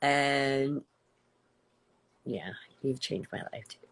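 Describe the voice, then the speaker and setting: Gravelly older woman gushing on a livestream. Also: very deep voice, very slow, a bit bright. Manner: gushing, emotional, rambling with many restarts. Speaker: livestream host. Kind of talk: emotional live-stream chat.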